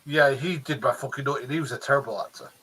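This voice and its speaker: Bright, blunt man co-hosting a review. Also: medium pitch, quick pace, breathy edge, rough recording. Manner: blunt, restless, full of restarts. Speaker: co-host of a TV review show. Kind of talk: casual chat.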